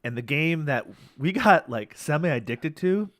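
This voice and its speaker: An enthusiastic American man co-hosts a podcast and plays along with his partner's jokes. His voice sits slightly high and sounds close and dry, as if recorded in a quiet booth. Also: animated, a little slow, no echo. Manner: enthusiastic, playful storyteller. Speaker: podcast co-host. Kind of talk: casual chat.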